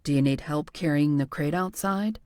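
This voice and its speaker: A woman doing a shy, soft-spoken man. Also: sits low, normal speed, no room sound, studio quality, voice pushed down, close to an everyday voice. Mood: gentle, shy. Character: shy, gentle young man, kind dog owner.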